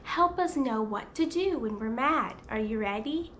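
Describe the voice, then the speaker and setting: A woman's voice: a little high, expressive, a little slow, fairly bright tone, slight background noise. A woman who hosts videos as a speech therapist, teaching toddlers in an exaggerated sing-song voice with lots of gasps.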